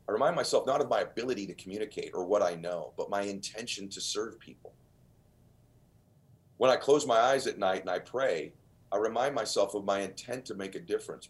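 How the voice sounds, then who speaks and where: A man with a deep voice, a guest on a podcast, telling stories in an emphatic, earnest way. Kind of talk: storytelling in an interview.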